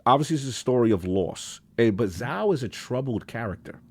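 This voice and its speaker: Animated slangy man on a gaming podcast. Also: a little fast, slightly rough. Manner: animated, slangy, acts out quotes with big pitch jumps. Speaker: podcast co-host. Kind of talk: casual gaming podcast chat.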